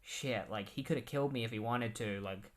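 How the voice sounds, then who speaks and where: A man quoting a calm, world-weary male bounty hunter in a lower, subdued voice. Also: a little fast, lightly acted. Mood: shaken.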